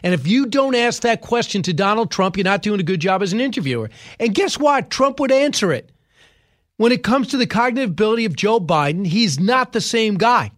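Male commentary host, high pitch, emphatic, talks in rhetorical questions. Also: animated, brisk, a bit bright. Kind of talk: opinionated political commentary.

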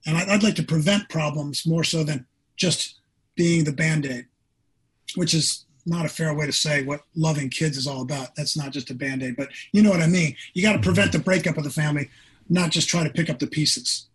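A former pro quarterback in his sixties shares a personal story as a podcast guest, earnest and animated, imitating what people said to him. His voice is a little high, husky, and fairly quick, and the audio quality is poor.

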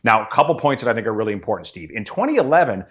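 A man's voice: lowish voice, very animated, racing, fairly bright tone, muffled recording. A man giving an earnest, explanatory economic commentary, often addressing the host by name.

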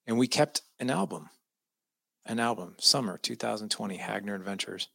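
A man's voice: lowish voice, a little fast, creaky, a bit bright, no room sound. A man, a guest on an interview show, telling a personal family story with emotion and emphasis.

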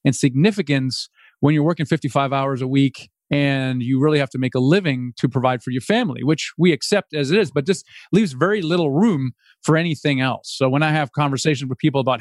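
A middle-aged man from the United States, a real estate investor telling his story as a podcast guest, animated and acting out voices. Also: medium pitch, brisk, no room sound, studio quality. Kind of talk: podcast interview conversation.

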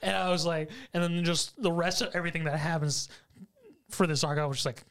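A man's voice: on the high side, fairly even intonation, a little fast, a bit bright, clean tone. A man in casual conversation, reacting with short, laid-back comments and chuckles. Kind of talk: casual chat.

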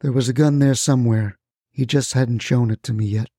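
A man narrating a first-person crime story in a terse, deadpan way. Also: mid-range voice, a little fast, no echo, studio quality.

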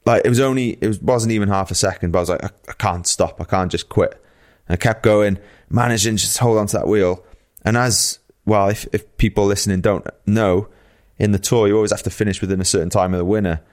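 A man with a lowish voice, chatting in a relaxed, loose way as a pro cyclist guest. He fills his sentences with casual fillers and tells his stories plainly. His delivery stays easygoing throughout. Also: fast. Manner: laid-back, chatty, heavy use of fillers like "like" and "you know". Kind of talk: casual podcast chat.

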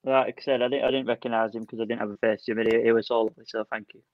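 A man's voice: mid-range voice, flat delivery, racing. Chatty man on a muffled line. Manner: laughing anecdotes with put-on voices. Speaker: podcast co-host. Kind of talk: casual storytelling on a podcast.

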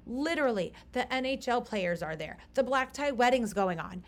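A woman in her thirties hosting a podcast, telling a story in a lively, exasperated way and acting out the people she talked to. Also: a little high, normal speed. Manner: animated, reenacts conversations with rising exasperation. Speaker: podcast host.

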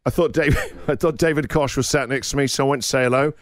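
A middle-aged English man hosting a breakfast radio show, telling an embarrassing anecdote with lively laughter. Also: mid-range voice, quick pace, no room sound, clean studio sound. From England. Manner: animated storyteller, laughs through his own anecdote.

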